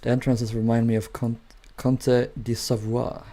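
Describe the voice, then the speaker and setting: Male streamer, 20s, warm low-key tone, casual rambling chat answering viewers. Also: flat delivery, measured pace. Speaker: Minecraft streamer. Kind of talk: casual live-stream chat while building.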